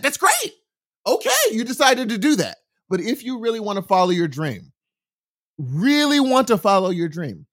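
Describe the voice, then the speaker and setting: A man chatting casually, recommending a book in a rambling, animated storytelling way with many restarts. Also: high voice. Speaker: guest sharing a book recommendation. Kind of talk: casual chat. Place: from California.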